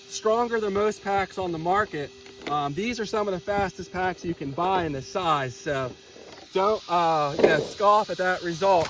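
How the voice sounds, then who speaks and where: Man, high voice, casual hobby vlog host, enthusiastic, thinking aloud, outdoors by a road, faint background noise. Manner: enthusiastic, thinking aloud while reading data. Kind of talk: casual hands-on testing vlog.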